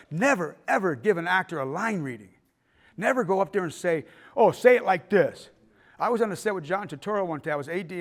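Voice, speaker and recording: An older filmmaking instructor with a slightly bright voice on the high side tells rambling stories to his class in a fine arts center hall. He stumbles, restarts, and performs the voices of the people he quotes.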